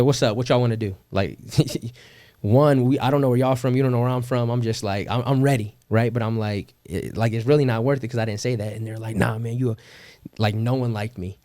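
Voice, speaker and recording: A man's voice: medium pitch, steady tone, moderate pace, warm tone, no room sound, studio quality. A young man from California, a podcast guest, telling his story in slangy, casual talk with swearing and bursts of laughter. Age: young adult. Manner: slangy, swears, laughs often, quotes people.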